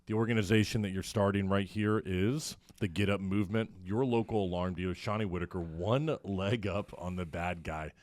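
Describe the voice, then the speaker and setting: A male interview host with a very deep voice, speaking calmly and measured with occasional ums. The recording is dry and close. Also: dry recording. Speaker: podcast host. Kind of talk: interview wrap-up.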